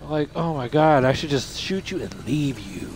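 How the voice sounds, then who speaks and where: A young man giving casual commentary while playing a video game, excitable and cursing, often shouting at the game. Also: fairly high pitch, normal speed, slight background noise. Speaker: gamer.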